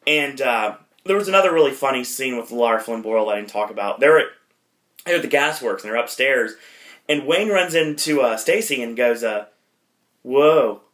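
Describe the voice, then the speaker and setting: Male podcast host, mid-pitched, bright and forward tone, casual rambling delivery. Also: expressive, fairly quick. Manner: rambling, many fillers and self-deprecating asides. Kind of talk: casual movie retrospective.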